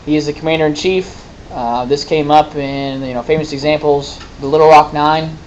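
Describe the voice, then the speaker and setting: A man's voice: fairly high pitch, fairly even intonation, normal speed, slight background noise, poor audio. A man teaching a class, explaining and quizzing students in a conversational way with folksy asides. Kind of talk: classroom lecture with questions.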